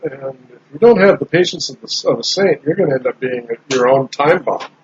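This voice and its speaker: A man in casual podcast chat, talking in a relaxed, rambling way with frequent restarts. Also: mid-range voice, a little fast. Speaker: podcast host. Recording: slightly dull lo-fi sound with faint background noise.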